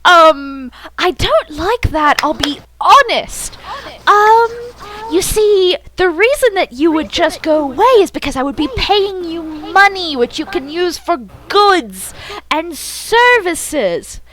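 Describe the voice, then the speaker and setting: Brief: woman playing a high, prim villain mage, fussy and slow-spoken. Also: lively intonation, a bit bright, a little hiss or hum, exaggerated voice. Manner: fussy, pompous and flustered. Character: fussy, prim villainous mage who hates being touched.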